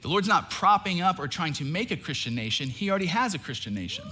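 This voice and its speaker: A young man preaching with a bright, forceful voice that sits a little high for a man. He tells the story with energy, dropping into voices for its figures and making playful asides. It sounds like a church sermon. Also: fast, slight background noise. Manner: animated, acts out quoted voices, jokes with the crowd. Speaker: pastor.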